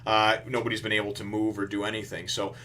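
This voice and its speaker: A man's voice: fairly low pitch, monotone, fast, sharp tone. A man reviewing a comic chapter in casual, rambling commentary, full of restarts and "you know".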